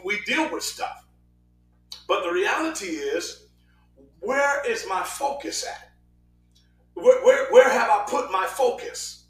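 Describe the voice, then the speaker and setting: A man preaches with a high, ringing voice and animated delivery, breaking into sudden shouts and rushing through quick asides. He sounds a little off-mic, and the room echoes around him. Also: distant mic, faint music behind. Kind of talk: sermon.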